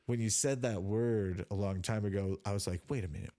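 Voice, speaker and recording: A man's voice: lowish voice, steady tone, normal speed, warm tone. A man co-hosting a casual podcast chat, rambling and restarting his sentences often. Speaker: podcast co-host.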